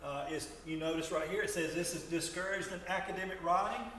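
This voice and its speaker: A male teacher giving a grammar lesson to students, talking in a halting way and often repeating words as he explains. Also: high voice, steady tone, fairly bright tone. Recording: echoey room from far off, faint noise.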